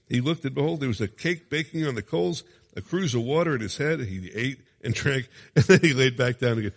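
A man's voice: mid-range voice, animated, fairly quick, big-room sound. A man preaching a sermon, reading scripture dramatically and adding conversational asides with chuckles.

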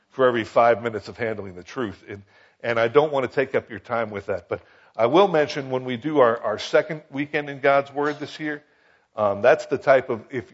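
A man with a husky, slightly breathy voice delivers a conversational Bible teaching, full of asides and quick checks with his listeners. The recording is dull and lo-fi. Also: medium pitch. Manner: conversational, folksy, frequent rhetorical asides. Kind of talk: sermon.

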